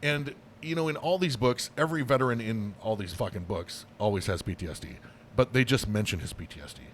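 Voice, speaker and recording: Rambling and swearing without restraint, a man co-hosts a casual podcast chat packed with fillers and restarts. He speaks fairly quickly in a mid-range voice, and there's a little hiss or hum in the recording.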